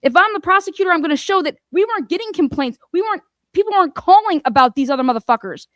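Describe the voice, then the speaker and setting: Her high voice races along with lively intonation and a slightly bright tone, recorded dry and close with no echo. As a commentary host, she rants angrily about a court case, swearing often and hitting her targets with confrontational rhetorical questions.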